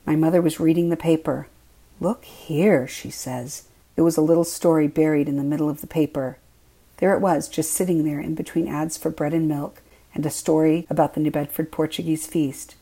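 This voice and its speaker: A woman reading her own memoir aloud in the first person, quiet and measured. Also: low-pitched, fairly even intonation, poor audio.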